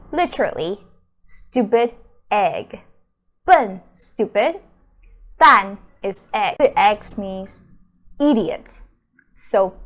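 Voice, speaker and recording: A young adult woman teaching a beginner Mandarin lesson, patiently repeating words and explaining each one. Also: mid-range voice. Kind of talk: slow beginner language lesson.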